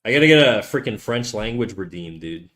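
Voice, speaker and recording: Fairly low in pitch yet a bit bright, this man's voice has lively intonation and a fairly quick pace. He's from Canada and swears his way through crude, joking chatter while drawing on a live stream.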